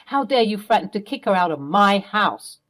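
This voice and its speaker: An outraged middle-aged mother, as a woman reads her part confronts the husband who wronged her family. Her voice stays stern and cutting, pitched in an ordinary middle register. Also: animated, moderate pace, a bit bright, close to an everyday voice.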